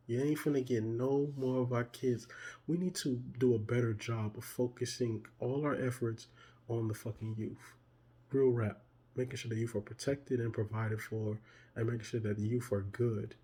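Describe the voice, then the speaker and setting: A man delivers a heated, profane commentary in a dark, husky voice. He circles back over his points, stumbles into restarts, and breaks into loud outbursts. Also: mid-range voice. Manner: restarts and repeats himself. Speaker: video commentator. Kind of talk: ranting commentary.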